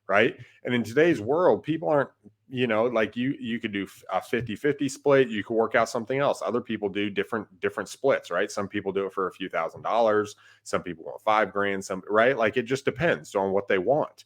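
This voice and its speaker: A man with a fairly low voice talks through his advice in a loose, chatty way. He keeps checking in with "right?" and "like" as he goes. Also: moderate pace, fairly bright tone. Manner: conversational, peppers talk with "right?" and "like". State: has the hiccups. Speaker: podcast co-host, wholesaling investor. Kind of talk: casual podcast advice.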